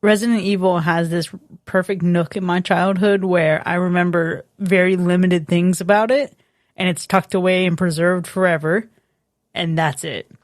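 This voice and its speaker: A woman's voice: fairly low pitch, normal speed, dry recording, clean studio sound. A woman co-hosting a podcast, chatting casually and candidly, swearing now and then. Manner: candid, swears casually, animated when excited. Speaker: podcast co-host. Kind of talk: casual chat.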